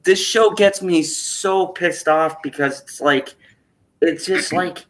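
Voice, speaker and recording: A woman's voice: fairly low pitch, slow. A woman hosting a casual stream, ranting in a profane, exasperated way with frequent laughter. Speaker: streamer hosting an open chat.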